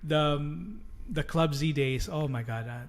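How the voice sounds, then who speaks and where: A Canadian man with a fairly high voice talks a little slowly as a DJ guest on a podcast. In casual chat he tells old club stories, laughing often, swearing freely and restarting his sentences.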